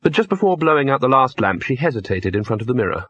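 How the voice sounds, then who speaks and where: A man narrating an audiobook in a steady, dry storytelling manner. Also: medium pitch, fast talker, husky. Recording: dull lo-fi dry recording.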